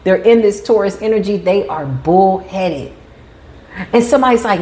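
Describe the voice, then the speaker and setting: A woman giving a tarot reading in an animated, emphatic way, sometimes acting out the voices of the people she describes. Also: mid-range voice, normal speed. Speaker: tarot reader.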